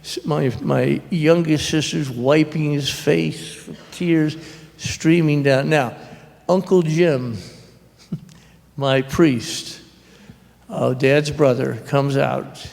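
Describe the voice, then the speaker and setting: A gravelly man with a slightly high voice tells a rambling, earnest story in slow, unhurried speech. He often stops and restarts his sentences. A long hall echo trails behind his words. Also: fairly even intonation, darkish tone. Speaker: author at a public talk. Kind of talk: storytelling conversation. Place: public library event hall.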